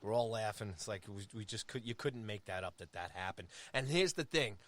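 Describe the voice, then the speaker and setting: Animated New storyteller in his fifties. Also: lowish voice, a little fast. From Long Island, New York. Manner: animated, acts out quoted voices. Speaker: podcast co-host. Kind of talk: casual storytelling.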